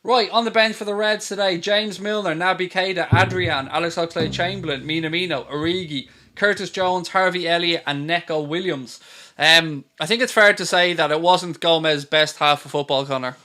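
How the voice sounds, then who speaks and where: A man's voice: a little high, moderate pace, sharp tone. A man hosting a live football watchalong stream, ranting and swearing at trolls with sarcasm.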